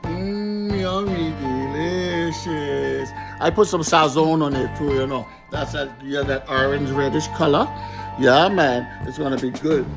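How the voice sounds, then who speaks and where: A man's voice: a little high, unhurried, creaky, over loud music. A man hosting a playful home cooking show in his kitchen, talking in a silly, sing-song way. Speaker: cooking show host and teacher.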